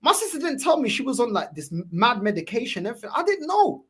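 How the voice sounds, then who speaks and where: A man's voice: extremely high pitch, fast, slightly rough. A young man with a London accent hosting a casual chat, telling a story and acting out the quotes. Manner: animated, acts out quotes in shifting voices, laughs often. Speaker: podcast host.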